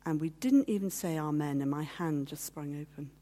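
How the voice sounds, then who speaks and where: In a meeting hall, a woman appears as a guest speaker to give a heartfelt personal testimony, at times growing teary as she tells her story and acts out the voices of others. Her voice is deep and mellow, and she speaks at a normal speed.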